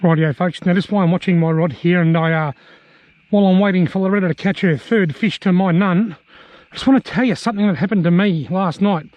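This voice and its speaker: A joking Australian man talks through his evening on the riverbank in easy, chatty commentary. His voice sits high for a man. He rambles between bites and slips gags in without warning. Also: fairly even intonation, fast, no room sound, lo-fi sound. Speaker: fishing vlogger. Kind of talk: casual outdoor commentary to camera.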